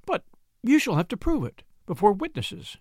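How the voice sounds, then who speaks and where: A frightened widow stammers and pleads, as a male reader puts her on. Her voice sits high and jumps about, recorded dry and close. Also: wildly swooping pitch, normal speed, a little mellow, no echo, exaggerated voice. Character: frightened genteel widow, woman, middle-aged.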